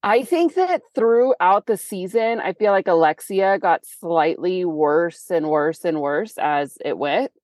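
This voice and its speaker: A young adult woman co-hosting a podcast in casual chat, blunt and animated, swearing often. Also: lowish voice, a little slow, hardly any pauses, dry recording. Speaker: podcast co-host.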